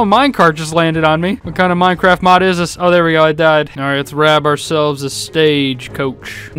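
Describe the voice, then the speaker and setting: An excitable young man narrates his own gameplay with a high, clear, smooth voice. He laughs often and shouts reactions at each surprise. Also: normal speed, faint music behind. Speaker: gaming YouTuber. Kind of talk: let's-play commentary.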